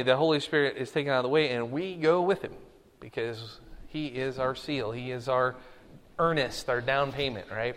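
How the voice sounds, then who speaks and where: A man's voice: a little high, fairly bright tone. A man teaching a Bible study, stressing key words and often checking in with his listeners. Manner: emphatic, repeats key words and checks in with "okay?". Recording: long hall reverb.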